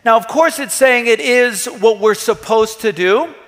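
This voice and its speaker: In a church hall full of reverb, a pastor with a high, fairly bright voice delivers a sermon a little slowly. His preaching is earnest and emphatic, punctuated by rhetorical questions.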